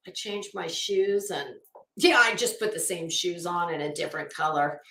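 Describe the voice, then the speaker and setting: A woman's voice: on the low side, moderate pace, fairly bright tone, echoey room, slight background noise. A tired, worn-out woman hosting a livestream in casual chat, reading comments and rambling with trailing thoughts. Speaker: livestream host.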